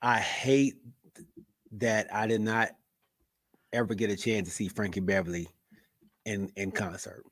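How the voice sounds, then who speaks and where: Low-voiced man in relaxed casual chat. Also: a little slow, long pauses, no echo. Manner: relaxed, says "man" a lot, many fillers. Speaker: podcast co-host reading live chat.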